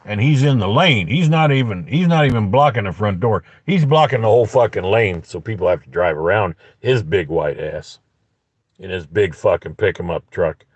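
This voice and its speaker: Guy ranting in his parked car, swears nonstop, kinda low and raspy, dry muffled audio. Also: expressive, normal speed, dry recording. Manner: profane, angry, rambling. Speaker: vlogger. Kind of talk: ranting storytelling vlog.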